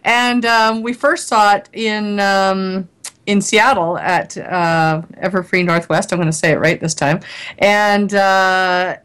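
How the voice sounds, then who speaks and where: A woman's voice: medium pitch, steady tone, takes it slowly, a bit bright, clean tone. A woman co-hosting a casual chat show, upbeat and talkative.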